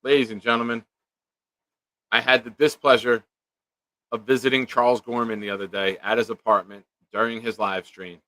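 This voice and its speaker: A man's voice: medium pitch, flat delivery, normal speed, bright, forceful tone, dry recording. A man hosting a casual live-stream chat, joking around and reading viewer comments aloud. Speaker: show host.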